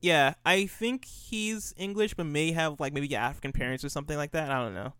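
A man's voice: a little high, fairly quick, sharp tone, clean tone, no room sound, studio quality. A young man co-hosting a casual gaming podcast, rambling and restarting his sentences as he recaps what he's been up to. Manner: rambling, restarts often, laughs easily. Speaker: co-host.

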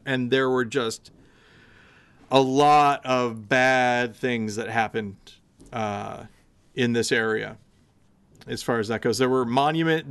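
Male podcast co-host from the Midwest, casual, rambling, smooth clear voice. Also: mid-range voice, fairly bright tone. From American Midwest. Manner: rambling, hesitant with many fillers. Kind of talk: casual chat.

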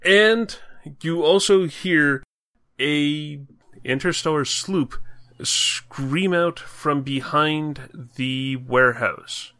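A man narrating as game master, in a slow, unhurried delivery. His voice is bright and smooth, and he paints the action in a relaxed way. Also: on the high side, dry recording. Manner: relaxed, vivid scene narration.

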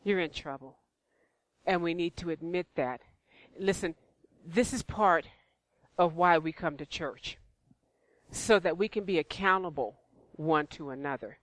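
Woman church speaker, bright tone, chatty sermon delivery. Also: on the low side, measured pace, pauses often, no echo. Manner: conversational preaching, repetitive.

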